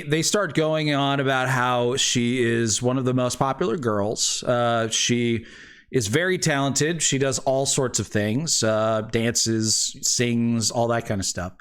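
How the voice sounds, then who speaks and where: A man narrating a tabletop game as game master, relaxed and full of fillers. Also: mid-range voice, slow, clean tone. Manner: relaxed, hesitant, with many fillers.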